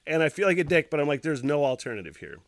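Profane, animated man telling a story. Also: a little high, fairly quick, no echo, studio quality. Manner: laughs while talking. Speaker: podcast host. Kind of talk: solo podcast rambling story.

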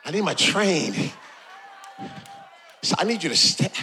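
Jesus, as a man acts him out, hushed and urging. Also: high voice, animated, a little slow, a faint crowd, slight background noise, full character voice. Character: Jesus, gently insistent male voice.

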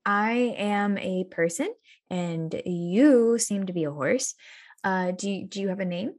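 Lady player in a tabletop game, soft polite voice, giggles a lot. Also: mid-range voice, unhurried. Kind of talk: tabletop role-play.

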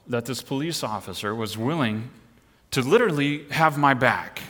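A middle-aged pastor preaches to his congregation, telling a story with lively, animated energy that swells at the big moments. His voice is bright and forward. It carries a long reverb, as if it fills a church sanctuary. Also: mid-range voice, normal speed. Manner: animated storytelling, rising and pushing hard at the exciting parts. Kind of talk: sermon with personal story.

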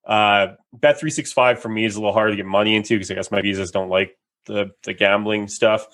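A man's voice: fairly low pitch, fairly even intonation, fairly quick, fairly bright tone. A man, a podcast host telling stories animatedly and laughing often in casual chat.

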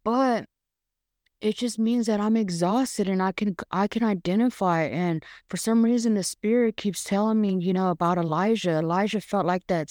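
A podcast host speaks frankly and casually through a devotional monologue, full of fillers and casual swearing. Her mid-range voice has a darkish tone, recorded dry with clean studio sound.

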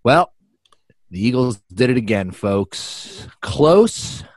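A man's voice: medium pitch, very animated, slow pace, no room sound, clean studio sound. A man hosting a comedy podcast that spoofs sports talk radio, with a hammy, theatrical delivery.

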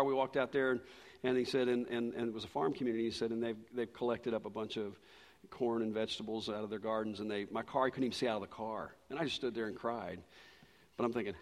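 A man's voice: mid-range voice, quick pace. Preacher man in a reverberant church. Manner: animated storytelling, rising to loud bursts and dropping to quiet asides. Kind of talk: sermon with personal story. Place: church sanctuary. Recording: long reverb of a large church.

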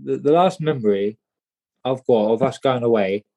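A man telling a personal story in an interview, halting and repeating words, often saying "mate". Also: mid-range voice, mellow, highs cut off. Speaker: guest.

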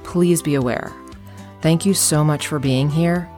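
A woman's voice: low-pitched, a little slow. A woman in her forties reading a scripted podcast introduction in an earnest, encouraging way. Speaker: podcast host. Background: faint music.

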